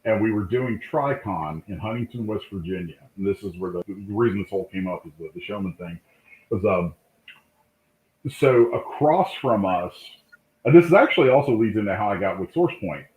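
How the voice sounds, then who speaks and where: A man, a comic book artist, telling lively anecdotes in a casual interview, acting out the voices of people in his stories. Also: fairly low pitch, normal speed. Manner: animated anecdote-telling, acts out quoted voices. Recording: tinny call line in an echoey room.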